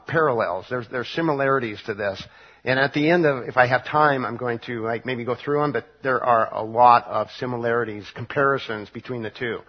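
A man preaching a midweek Bible study sermon, halting and full of fillers and restarts. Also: mid-range voice, breathy edge, lo-fi sound. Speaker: pastor.

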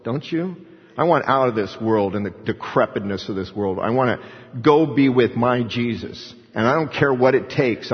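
A man preaching a sermon with passion, telling stories and rising into fervent appeals. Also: medium pitch. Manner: impassioned preaching with storytelling. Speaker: pastor. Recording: muffled sound with long hall reverb.

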